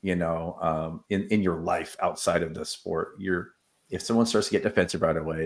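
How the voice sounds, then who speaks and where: A man with a lowish voice, an assistant wrestling coach chatting in an interview. He tells stories with lots of "um" and "like" and acts out what people said. His delivery is loose and conversational. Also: steady tone, normal speed. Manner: storytelling, acts out quoted exchanges, many fillers. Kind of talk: casual interview talk.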